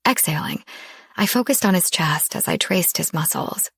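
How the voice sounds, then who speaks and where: A woman narrating a first-person romance audiobook in a soft, intimate storytelling manner. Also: fairly low pitch, moderate pace, creaky, slightly rough, no room sound.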